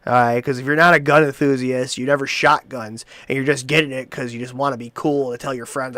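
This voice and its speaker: A man's voice: medium pitch, steady tone, fairly quick, hardly any pauses, bright, forceful tone, no echo. A male host rambling in casual chat, swearing and restarting his sentences often.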